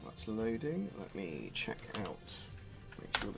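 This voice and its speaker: A man's voice: fairly low pitch, wildly swooping pitch, unhurried, vocal fry. A man streaming a video game live, chatting in a rambling, distracted way with plenty of asides. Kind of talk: live-stream chat while gaming. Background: faint music.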